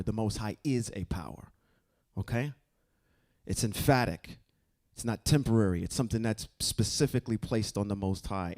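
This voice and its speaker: Male Bible study leader, relaxed teaching voice, keeps asking the room "okay?". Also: mid-range voice. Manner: keeps checking in with "okay?" and "right?"; quizzes listeners with questions. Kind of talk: casual scripture teaching to a group.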